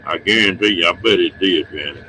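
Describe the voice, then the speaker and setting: A man's voice: low-pitched, brisk, bright, forceful tone, a little hiss or hum, poor audio. A man hosting a livestream, chatting casually with viewers in a folksy, chuckling way. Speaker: livestream host.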